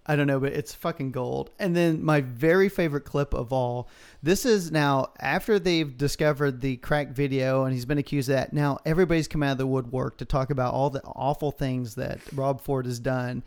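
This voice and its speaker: A man's voice: medium pitch, normal speed, hardly any pauses, darkish tone, clear, resonant tone. A man hosting a podcast in casual, crude, enthusiastic chat, swearing often. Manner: profane, laughing, enthusiastic. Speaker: podcast host.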